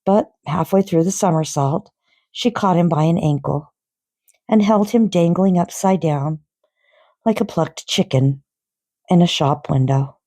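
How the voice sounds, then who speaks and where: Woman reading a novel aloud, low voice, slow pace, dark mellow tone, dry close sound. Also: no room sound. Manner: expressive storybook reading, unhurried. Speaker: storyteller.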